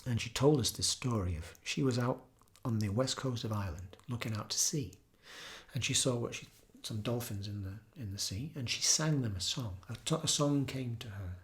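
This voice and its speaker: A man, a yoga teacher, giving an earnest, reflective talk with gentle storytelling. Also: medium pitch, moderate pace. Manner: earnest, storytelling, breaks into soft singing.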